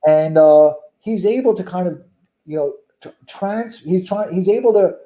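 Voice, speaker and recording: Speaking at a moderate pace in a high-sitting voice with a dark tone, the guest makes his case emphatically during a casual conversation. Rhetorical questions pile up as he argues.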